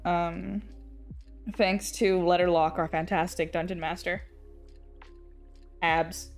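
With soft music playing, a young Englishwoman chats slowly on her art stream as she draws, her lowish voice showing little pitch movement. She rambles and restarts her sentences, laughing often and swearing occasionally.

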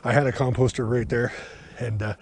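A man's voice: medium pitch, level tone, fairly quick, breathy edge. Rambling middle-aged man, a bit breathless. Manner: rambling, chatty, many fillers. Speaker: gardening vlogger. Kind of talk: casual walking vlog. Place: outdoors in a snowy garden.

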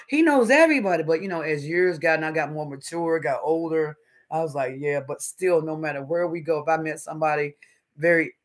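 A middle-aged man, chatting casually with viewers on his livestream and telling animated stories. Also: on the high side. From North Carolina, US. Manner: animated storyteller, calls viewers honey and baby. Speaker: livestream host. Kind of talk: casual live-stream chat with viewers.

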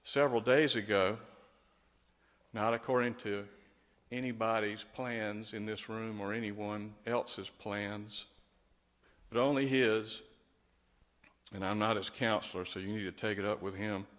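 A man's voice: lowish voice, measured pace, pauses often, in a large hall. A man speaking as a pastor, giving a tender funeral eulogy and prayer. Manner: gentle and tender, rising to lively storytelling.

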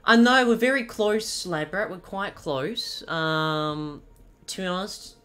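A man's voice: high voice, takes it slowly, pushed and bright, clean tone, faint music behind. A young man streaming a game, just woken up, chatting in a groggy, sweary way and laughing easily. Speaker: livestreamer. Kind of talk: casual gaming stream chat.

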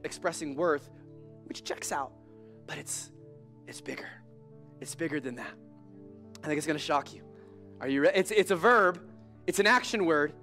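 Male pastor, high voice, chatty and animated, joking sermon; faint music behind. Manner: animated, conversational, joking preacher. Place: church service.

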